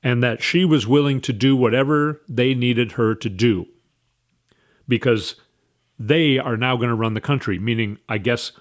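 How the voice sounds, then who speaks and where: A man's voice: medium pitch, normal speed. A man giving a casual political opinion monologue, scornful and opinionated, with wandering asides. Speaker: political commentator.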